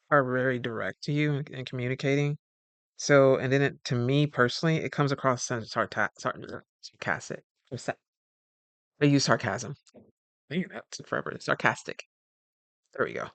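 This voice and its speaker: A man's voice: mid-range voice, moderate pace, no room sound. A man coaching on communication in a casual, rambling talk, often acting out the people he describes and correcting himself mid-word. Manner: animated, acts out quoted dialogue.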